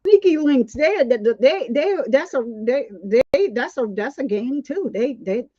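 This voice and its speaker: A woman's voice: high-pitched, animated, a little slow, dark tone, no echo, highs cut off. A woman hosting a casual, outspoken commentary on a court trial, indignant and chatty. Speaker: commentary channel host.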